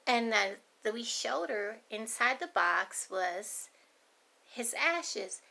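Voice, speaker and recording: A middle-aged woman with a fairly high, bright voice and a gravelly fry, rambling through family stories. She speaks in a folksy, chatty way and wanders off on tangents. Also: animated, slow. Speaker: grandmother vlogger. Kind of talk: rambling storytelling.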